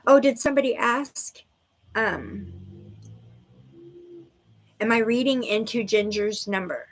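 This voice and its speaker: A woman's voice: mid-range voice, unhurried, long pauses. A woman giving intuitive readings to viewers on a livestream, bubbly and giggly, full of "like" and "okay". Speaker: livestream psychic reader.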